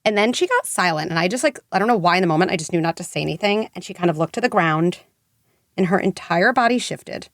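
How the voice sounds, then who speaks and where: A woman's voice: on the low side, lively intonation, quick pace, dry recording, studio quality. A middle-aged woman psychologist, a podcast guest, who tells stories with feeling and lots of casual fillers. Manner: emotional storytelling, many fillers. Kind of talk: podcast interview.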